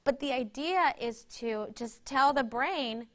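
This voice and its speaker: Speaking slowly and with few pauses, this woman has a voice that sits high. She presents a workshop and guides a breathing exercise, teaching conversationally and repeatedly checking in with her audience through "right?".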